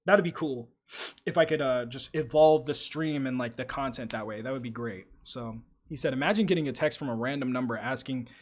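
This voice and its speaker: A man's voice: medium pitch, brisk. A young man hosting a live stream, chatting casually, swearing freely and telling stories with animation while reading out chat. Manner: profane, animated storytelling, reads chat aloud. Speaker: livestream host.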